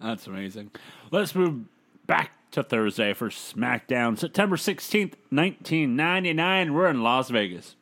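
Male co-host, very animated pitch, quick quippy reactions. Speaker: podcast co-host. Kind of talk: casual chat.

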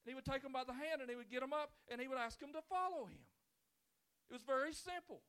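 A male pastor preaching a sermon in church, swinging from loud pleading to quiet, intimate talk. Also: extremely high pitch, lively intonation, quick pace, smooth. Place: church sanctuary.

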